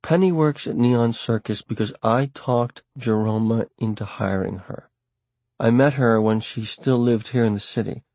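A man's voice: mid-range voice, moderate pace, a little mellow, no room sound, natural voice. A man reading an audiobook voices an earnest young woman who pleads in an urgent, coaxing way. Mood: pleading. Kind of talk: audiobook character voice.

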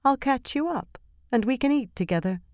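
A woman reading an audiobook voices a courteous middle-aged woman with a high, lovely voice, gently persuasive. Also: animated, moderate pace, no echo, studio quality.

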